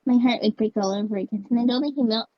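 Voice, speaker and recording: A soft-hearted young hedgehog girl, gentle and a bit sad, as a woman voices her. Her voice sits a little high. It sounds dull and very dry, like a cheap home mic. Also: fast, dry recording, natural voice. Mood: earnest. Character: Amy Rose, young female hedgehog, lovelorn and gentle. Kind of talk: amateur voice acting of a fan drama.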